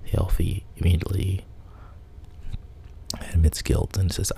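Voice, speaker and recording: A man's voice: low-pitched, flat delivery, moderate pace, creaky, long pauses, dark tone, whispered. A man casually retelling an old myth in a conversational, plain manner, with the odd filler. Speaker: storyteller.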